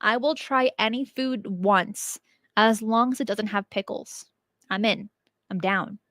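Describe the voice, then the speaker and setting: A woman's voice: mid-range voice, unhurried, no room sound, clean studio sound. A young woman hosting her channel, chatting casually and animatedly as she answers viewer questions. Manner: chatty, animated, laughs easily. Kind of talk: casual chat.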